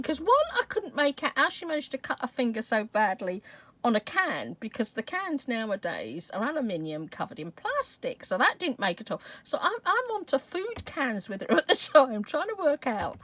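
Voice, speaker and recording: A woman's voice: on the high side, big pitch swings, normal speed, a bit bright, no room sound. A woman hosting a craft channel, telling viewers a story in a chatty way and laughing often.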